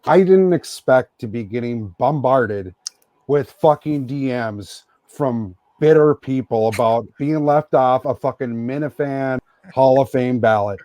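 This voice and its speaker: A man's voice: mid-range voice, a little slow, dark tone, no echo. A man co-hosting a podcast, venting in a profane, exasperated rant during casual chat. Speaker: podcast co-host.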